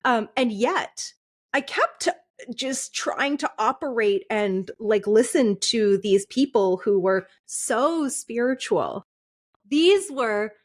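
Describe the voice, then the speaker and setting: A woman in her thirties, appearing as a podcast guest, speaks candidly about a painful personal experience, often laughing through it and restarting sentences. Her pitch is fairly high.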